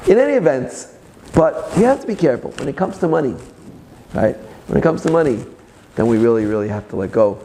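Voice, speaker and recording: A man's voice: mid-range voice, fast, gravelly, slight background noise. A man speaking as a rabbi, giving a Torah class with personal stories and joking asides. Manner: animated storyteller with joking asides.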